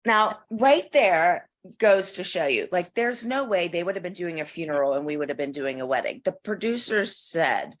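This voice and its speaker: A woman's voice: on the low side, expressive. A middle-aged woman co-hosting a podcast, chatting casually and skeptically about a TV episode. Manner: questioning, skeptical, quick to agree. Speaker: podcast co-host. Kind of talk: casual chat recapping a TV episode.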